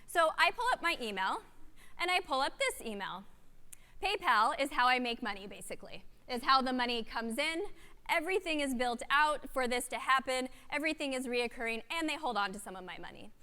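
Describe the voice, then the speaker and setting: A woman giving a keynote talk at a conference, telling a story with lively, animated delivery and acted-out quotes. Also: high-pitched, brisk, clean tone. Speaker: keynote speaker. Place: conference hall. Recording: long hall reverb.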